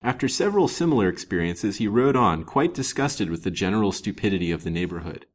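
A man narrating an old serialized novel in an expressive, old-fashioned manner. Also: lowish voice, fast. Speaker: storyteller. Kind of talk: storybook narration.

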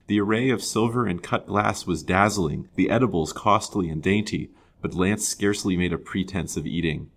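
A man narrating a serialized old novel in a measured, unhurried storytelling manner. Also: deep voice. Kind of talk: audiobook story reading.

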